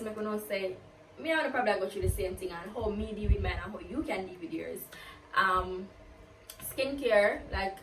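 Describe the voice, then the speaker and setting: A woman's voice: medium pitch, slight background noise. A woman chatting casually as a vlogger, answering get-to-know-me questions and peppering her talk with "like". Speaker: YouTuber. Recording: roomy, distant from the mic, faint ambience.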